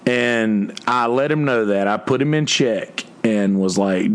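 A man's voice: fairly low pitch, a little slow, few pauses. A man talking casually to his viewers as a musician, rambling and ranting with lots of cursing, fillers and restarts. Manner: many restarts and filler words. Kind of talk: casual livestream chat.

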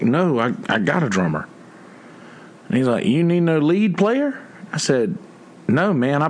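A man, a musician telling a story to his viewers in a casual, blunt and profane way, raising his voice to quote people. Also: medium pitch. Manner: profane, blunt, quoting others in a raised voice. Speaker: musician in a two-piece band.

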